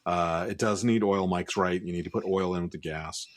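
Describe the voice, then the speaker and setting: Low-voiced man telling a story. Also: moderate pace. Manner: animated anecdote-telling, acts out both sides of the exchange; swears casually. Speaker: podcast co-host. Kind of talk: casual storytelling chat.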